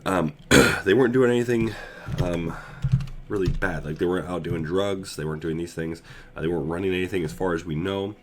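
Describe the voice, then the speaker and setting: Super deep sick guy streaming, stuffy voice, keeps coughing and going um. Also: noisy background. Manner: halting, many ums and throat clearing. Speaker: livestream host. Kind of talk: casual livestream talk.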